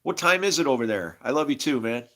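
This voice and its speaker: Talking directly to the camera, a man hosting his own video launches into an agitated, profane personal monologue that hops from story to story. His mid-range voice is fast, somewhat bright, and lively in intonation.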